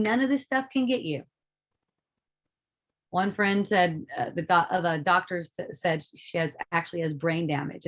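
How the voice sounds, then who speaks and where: A middle-aged woman giving a casual spiritual talk, animated and profane, laughing often as she speaks. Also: lowish voice. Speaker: spiritual teacher.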